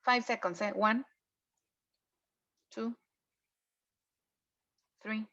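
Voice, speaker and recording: A woman's voice: on the high side, fairly even intonation, drawn-out words, sharp tone. Woman teaching online. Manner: patient, checks in with "okay?". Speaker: English teacher. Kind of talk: online class review lesson. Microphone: video call. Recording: muffled lo-fi online class audio.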